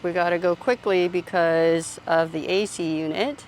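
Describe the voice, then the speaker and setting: A woman's voice: fairly low pitch, fairly even intonation, moderate pace, a little hiss or hum. A woman giving a casual, chatty tour of her outdoor garden, thinking aloud as she films on a phone. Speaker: gardening vlogger.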